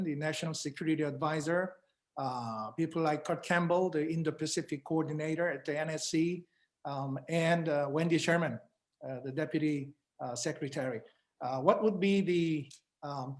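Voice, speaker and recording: A man with a slightly raised pitch moderates a panel formally. He pauses often on fillers as he lists names and puts questions to the guests.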